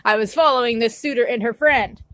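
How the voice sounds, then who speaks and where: Young woman venting on her vlog, kinda high voice, dry close sound, upset and cussing a lot. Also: brisk, fairly bright tone, dry recording. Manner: upset, ranting with frequent swearing; apologetic, shaky and emotional. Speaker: vlogger. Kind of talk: emotional vlog rant.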